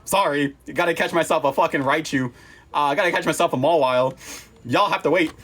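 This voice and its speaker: A man's voice: fairly high pitch, brisk, fairly bright tone, husky. A young man chatting casually to his viewers on a livestream, rambling, playful and swearing freely. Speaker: livestream host.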